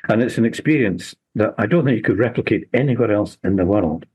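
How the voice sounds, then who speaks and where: Husky older historian. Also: male voice, on the low side, darkish tone, poor audio. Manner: measured, unhurried storytelling with small restarts. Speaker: local historian and author, interview guest. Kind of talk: relaxed storytelling interview.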